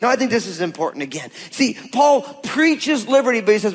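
A man with a notably high voice preaches to his congregation, casual and emphatic, slipping into quoted voices to make his points. His words ring out with a long reverb, as in a large church hall. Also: sing-song, a little fast, few pauses. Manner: conversational, emphatic, uses quoted voices for God and listeners. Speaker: pastor. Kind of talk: sermon.

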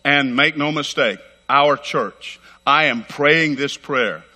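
A middle-aged pastor delivers a fervent sermon, pressing his points with quick, emphatic repetition. His voice is bright and forceful, a touch higher than most men's. It rings out with the long reverb of a church sanctuary. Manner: fervent, rapid and emphatic, repeating phrases.

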